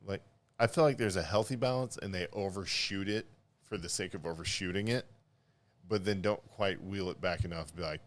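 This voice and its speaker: This podcast co-host has a low-pitched voice and talks a little fast. He rambles casually, leaning heavily on fillers and breaking into laughter partway through sentences.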